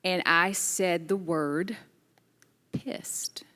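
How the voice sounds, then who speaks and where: A woman's voice: on the low side, normal speed, vocal fry, big-room sound. A middle-aged mother telling her family's story candidly and with feeling, laughing at times. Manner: emotional, animated storytelling with laughter. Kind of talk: candid testimony in a group discussion.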